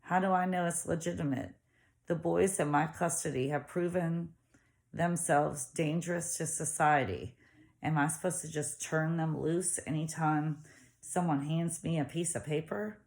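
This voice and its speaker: A woman's voice: low voice, fairly even intonation, measured pace, creaky, a little mellow. A woman voicing a cold, cunning female warden who justifies herself defensively. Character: tough, cunning female prison-camp warden.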